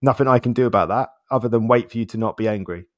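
A man's voice: mid-range voice, racing. A man as an interview guest, talking in a reflective, casual way, laughing often and repeating words as he thinks.

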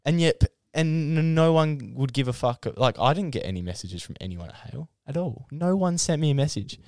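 A young man, co-hosting a casual podcast chat and talking in quick restless bursts full of restarts. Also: fairly high pitch, no echo, studio quality. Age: young adult. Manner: animated, restless, lots of "like" and restarts. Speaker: podcast co-host.

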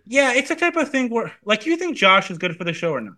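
Guest man, rattles off fast takes, bright lively delivery, casual podcast chat. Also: very high-pitched. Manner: rapid, animated analysis.

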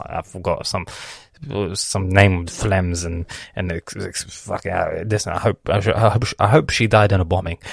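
A man from Lebanon delivering a profane comedic rant, swearing constantly and swinging from loud outbursts to hissed whispers. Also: fairly low pitch, vocal fry, no echo, studio quality.

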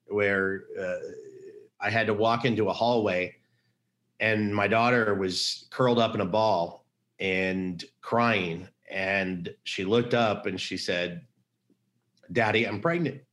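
A man's voice: on the low side, a bit bright. Earnest middle-aged man telling a story. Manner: earnest, emphatic, repeats key phrases. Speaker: pro-life activist guest. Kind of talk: personal storytelling in a podcast interview.

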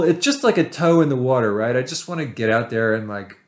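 A man's voice: medium pitch, lively intonation, normal speed, darkish tone. A man, a writer talking as a podcast guest, rambling and swearing in a self-deprecating way. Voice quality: nerdy voice. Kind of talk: casual chat.

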